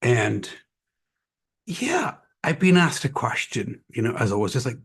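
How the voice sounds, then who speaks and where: A man who runs an online tutoring company speaks casually and energetically to parents on a livestream, full of fillers and asides, with a mixed American-Scottish accent. His mid-range voice swings widely in pitch, moves at a measured pace, and sounds a bit bright and breathy.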